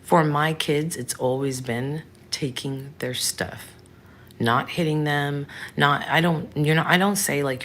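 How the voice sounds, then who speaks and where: A woman's voice: deep voice, steady tone, a little slow, fairly bright tone, slight background noise. A woman in her thirties hosting a casual livestream, chatting frankly and answering viewers by name. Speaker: livestream host.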